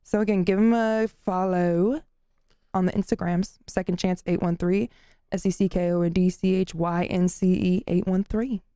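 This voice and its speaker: A woman co-hosts a casual podcast with a low, gravelly, mellow voice. She gushes and laughs easily. The recording is dry and close. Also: fairly even intonation, normal speed, no room sound. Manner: bubbly, laughs often, gushing. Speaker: podcast co-host.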